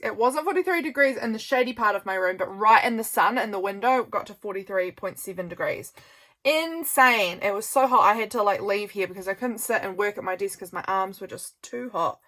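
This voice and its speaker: A woman's voice: fairly high pitch, sharp tone. A woman vlogging casual chat as she flips through her journal, rambling with lots of fillers and sounding tired. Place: home desk by a sunny window.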